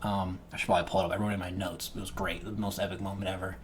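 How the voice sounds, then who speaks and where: A man's voice: deep voice, flat delivery, racing, a little hiss or hum. A man talking casually as a game master, often restarting and repeating words mid-sentence. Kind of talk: casual talk to camera.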